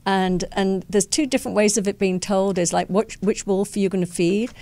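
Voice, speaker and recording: A woman's voice: mid-range voice, fairly even intonation, normal speed, warm tone. A woman co-host talking in a supportive, affirming way during an interview. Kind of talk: conversational interview.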